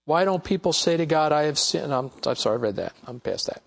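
Man, Bible teacher, high voice, reads passages then explains them casually, lots of "you know". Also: lively intonation, fast talker, vocal fry. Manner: conversational, many "you know" asides. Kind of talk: reading scripture aloud and commenting.

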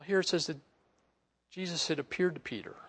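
A man with a gravelly, slightly high voice teaching from the Bible in a casual, conversational way. He stays animated and chuckles between his points. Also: a little fast.

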